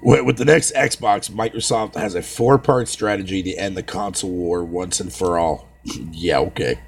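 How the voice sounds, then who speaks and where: A man's voice: low-pitched, moderate pace, gravelly, a little hiss or hum. A man ranting profanely on a casual live stream, talking to his viewers by name and swearing constantly.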